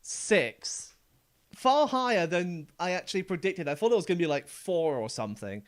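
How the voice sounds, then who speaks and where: A man with a high, expressive voice chats casually at a moderate pace while live-streaming a video game, his remarks often trailing off quietly. The recording is dry.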